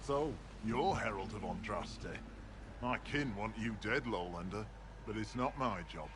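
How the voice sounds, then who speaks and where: An actor playing a blunt, dry-witted male clan healer and mystic in a video game, speaking tersely and gruffly. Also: fairly low pitch, a little slow, background noise, lightly acted. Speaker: game character.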